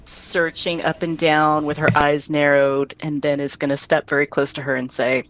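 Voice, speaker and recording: A woman playing a tabletop game, describing her character's actions in a lively, joking way. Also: low voice, normal speed, slight background noise. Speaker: player.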